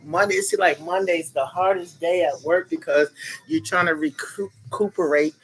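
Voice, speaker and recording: A man's voice: a little high, fairly even intonation, normal speed, slight background noise, low-quality recording. A man chatting with viewers on a casual phone live stream from his bed, rambling, annoyed and profane while sweet-talking his audience. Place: in bed at home under a cover. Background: faint music from another room.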